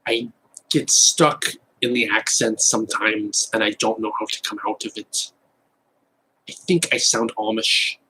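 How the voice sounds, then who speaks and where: A man putting on a slow German-accented filmmaker. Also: fairly low pitch, pushed and bright, slight background noise, poor audio. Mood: solemn. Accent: put-on German. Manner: slow, deliberate, solemn. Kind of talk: live-stream impression.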